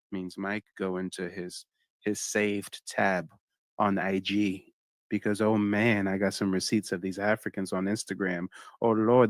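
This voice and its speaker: A young man hosting a live-stream reaction, talking straight to his chat in an animated way and exclaiming often. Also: fairly low pitch, no room sound.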